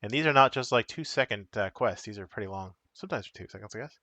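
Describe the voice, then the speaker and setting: A man's voice: on the low side, lively intonation, fast, pushed and bright, no echo. A man casually chatting on a live stream as he shows and explains the cards of a solo card game, rambling and correcting himself as he goes.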